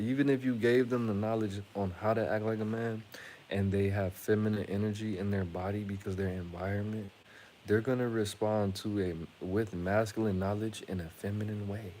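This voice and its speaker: A man with a lowish voice rambles through a casual monologue to his viewers. He is blunt and profane, and he often stops and restarts his sentences. A faint hiss sits under his voice. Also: a little mellow. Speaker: channel host.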